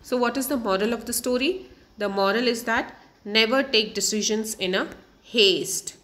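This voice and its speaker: A woman's voice: fairly high pitch, moderate pace, fairly bright tone. A woman from India who speaks. She is a teacher who reads a story aloud to children, stopping to explain word meanings and repeating each sentence in simpler words. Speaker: English teacher.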